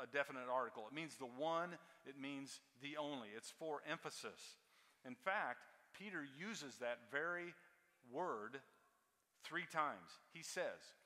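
A male preacher delivers a sermon with a bright, forceful voice. He is emphatic, repeating key words for weight. His voice rings out with the long reverb of a large church hall. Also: mid-range voice.

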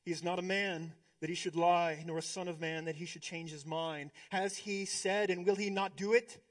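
A male pastor preaching a sermon, swinging between hushed, slow stretches and emphatic, rising ones. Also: high voice, steady tone.

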